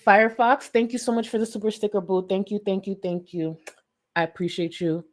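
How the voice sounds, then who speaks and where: A woman hosting a live-stream commentary, incredulous and animated, thanking viewers for donations between points. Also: lowish voice, a little fast. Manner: animated, incredulous, thanks chat donors warmly. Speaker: commentary YouTuber.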